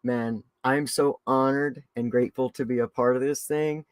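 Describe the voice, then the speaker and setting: A man hosting a live-stream recovery podcast, talking in an excitable, effusive way with big jumps in pitch and loudness. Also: moderate pace, clean tone, no room sound. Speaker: podcast host.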